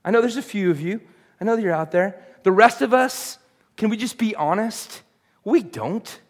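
A man's voice: sits high, normal speed. A middle-aged man, preaching a sermon in a casual, conversational way and putting questions to the congregation. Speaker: pastor.

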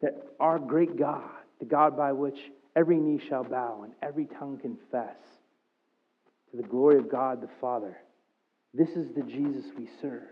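A man preaching a sermon to his church, talking conversationally and rising in pitch and volume as he gets excited. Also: slightly rough. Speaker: pastor. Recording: tinny phone-like sound.

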